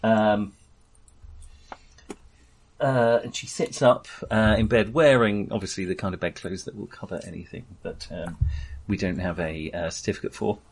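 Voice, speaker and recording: Halting game master. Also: male voice, fairly low pitch, steady tone, vocal fry, slightly rough. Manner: halting, full of ums. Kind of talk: narrating a tabletop game.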